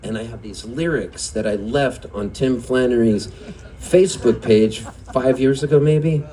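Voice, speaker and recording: A man's voice: mid-range voice, measured pace, warm tone, a little hiss or hum. A singer-songwriter telling a rambling, chatty story on stage at a live music venue, laughing often as he goes.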